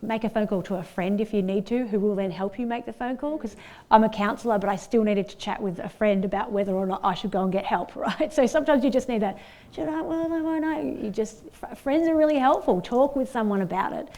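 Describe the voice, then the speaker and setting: A woman's voice: medium pitch, fast, warm tone. A woman counsellor speaking on a panel, encouraging and conversational. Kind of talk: panel discussion.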